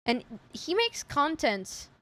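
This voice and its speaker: A French woman VTuber chats casually in English with a light French accent on a reaction stream. Her voice sits high and is very animated yet slow-paced and a little bright, with no room sound. She's chatty, cuts herself off, often restarts sentences, and swears casually.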